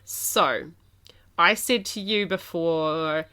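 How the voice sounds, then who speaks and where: A woman hosting a casual podcast chat, talking quickly and animatedly, often laughing. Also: on the low side, sharp tone, clean tone. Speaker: podcast host, game developer.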